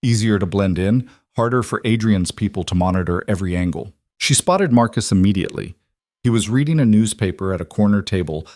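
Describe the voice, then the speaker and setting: Low-voiced male story narrator. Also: no echo, clean studio sound. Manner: steady storytelling. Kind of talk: scripted narration.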